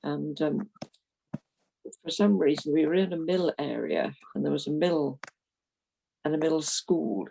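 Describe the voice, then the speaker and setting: Mulher na casa dos oitenta, de Londres, voz rouca e arenosa, conversa franca e animada com risos frequentes. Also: female voice, low voice, gravelly, mellow, husky, poor audio. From London, England. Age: 80s. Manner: chatty, frank, laughs while telling stories. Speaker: retired minister, interviewee. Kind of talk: reminiscing interview.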